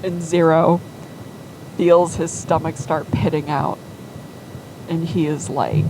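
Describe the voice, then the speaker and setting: A woman's voice: deep voice, little pitch movement, takes it slowly, long pauses, mellow, slight background noise, rough recording. A woman casually telling a made-up story in a rambling way, with lots of fillers.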